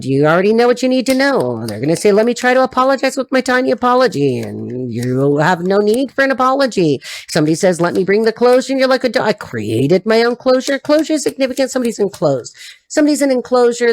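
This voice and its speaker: A woman giving an intuitive tarot reading to her audience, free-associating and repeating herself in a blunt, emphatic way. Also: mid-range voice. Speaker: tarot reader.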